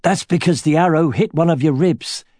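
A man voicing a steady soldier who explains a wound calmly and plainly in an audiobook. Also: fairly high pitch, moderate pace, dry recording, clean studio sound, pitched above the performer's own voice, close to an everyday voice. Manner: calm, matter-of-fact. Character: calm, steady soldier man, practical medic.

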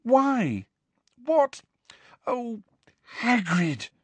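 Give me a shrill, pleading teenage witch, put on by a male audiobook reader, pitched high. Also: very animated, a little slow, dry recording, heavily acted. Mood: frightened, pleading. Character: anxious clever teenage girl witch. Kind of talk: audiobook character voice.

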